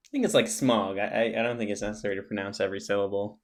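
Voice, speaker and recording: A man hosting a podcast, relaxed and easygoing, wrapping up the show. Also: lowish voice, rapid-fire. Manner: relaxed, easygoing wrap-up host. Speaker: podcast host. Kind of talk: casual chat.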